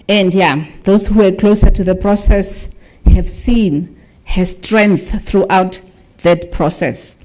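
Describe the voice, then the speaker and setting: A woman's voice: mid-range voice, takes it slowly, darkish tone. Chatty woman hosting a ceremony. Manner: chatty, off-the-cuff, checks with the team aloud. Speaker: master of ceremonies. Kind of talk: informal hosting of a formal ceremony. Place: university function hall.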